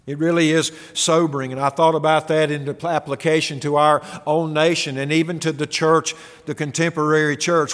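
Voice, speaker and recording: A man's voice: a little high, little pitch movement, a little fast, a bit bright. A man preaching a sermon in an earnest, emphatic way, building into exclaimed rhetorical questions. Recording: long hall reverb.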